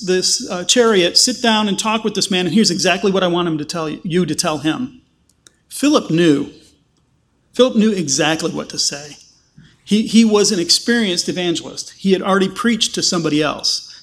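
A man with a high-pitched voice delivers a sermon as a pastor. He leans hard on key phrases with slow emphasis, then rushes through asides. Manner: animated preaching with emphatic slow stresses and quick asides.

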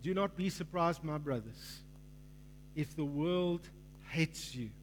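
A male pastor delivers a sermon in a hall with a long, ringing reverb. His voice sits high, and he builds in fervor, acting out the voices in a parable. A faint mains hum runs underneath. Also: slow pace. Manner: preaching with rising fervor, acts out quoted voices in a parable.

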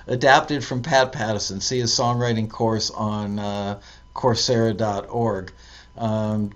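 A man's voice: medium pitch, fairly bright tone, dull audio. A male host with a mid-range voice reads listener tips aloud on a live stream. He breaks off often to comment, hunt for a word or correct himself, filling gaps with ums. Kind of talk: casual live-stream talk.

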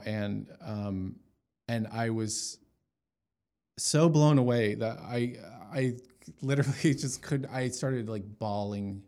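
A man's voice: medium pitch, slow pace, a little mellow. A man giving an emotional personal testimony as an interview guest, talking in a storytelling way with many fillers and restarts.

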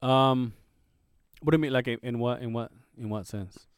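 Clean in tone and mid-range, a man's voice moves at a moderate pace in a dry, clean studio recording. This podcast co-host, originally a Spanish speaker, tells a casual work story with animation and swearing, acting out what people said with a rising voice.

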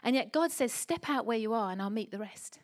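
Middle-aged woman preaching, kinda high voice, emphatic and animated, lots of rhetorical questions. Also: fairly quick. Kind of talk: sermon.

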